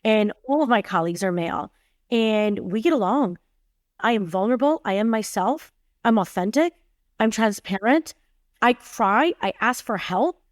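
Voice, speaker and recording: A woman's voice: mid-range voice, animated, normal speed, no room sound. Emphatic woman telling her story, dry close sound. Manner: emphatic, acts out quoted dialogue in her stories. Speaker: guest, tech company CEO. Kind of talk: candid conversational storytelling.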